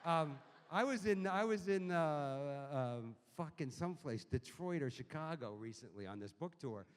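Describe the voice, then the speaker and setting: A middle-aged man from telling profane, animated comic anecdotes at a book event. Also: fairly high pitch, normal speed, smooth. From Boston. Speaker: author guest. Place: bookstore event hall. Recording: reverberant hall, live audience.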